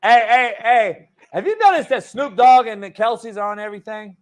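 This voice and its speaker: A man's voice: very high-pitched, animated, moderate pace. A man hosting a sports talk show, joking and cursing in casual banter, restarting his sentences often. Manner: profane, rambling, joking with stammered restarts. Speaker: show host.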